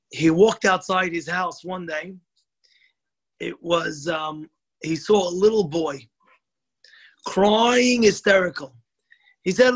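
A man with a high, light voice delivers a story-driven sermon. He gets animated and slows down to stress the moral. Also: slightly rough, low-quality recording.

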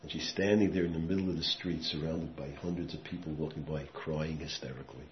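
In an echoey room, with muffled audio and a faint hiss underneath, a rabbi with a very low voice talks fast in a steady tone. His sermon is built on storytelling, moving between hushed passages and loud, emphatic outbursts while mixing in Yiddish and Hebrew words.

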